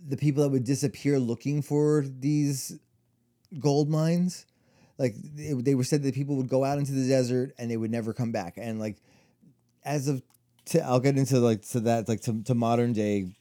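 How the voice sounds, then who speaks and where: A man's voice: medium pitch, fairly even intonation, moderate pace, warm tone. A man co-hosting a podcast, telling a story in casual chat, rambling with lots of fillers and restarts. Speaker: podcast co-host.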